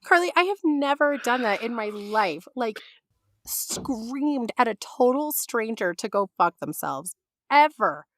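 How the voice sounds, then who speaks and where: A woman in her forties, a podcast co-host, telling a story in casual chat, animated and freely swearing as she acts out other people's lines. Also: a little high, unhurried, dry recording, studio quality.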